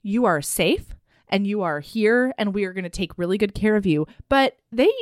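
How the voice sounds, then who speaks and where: Animated, expressive woman podcast co-host. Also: mid-range voice, normal speed, no echo, studio quality. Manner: animated, laughing, profane storytelling. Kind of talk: casual chat recapping a romance novel.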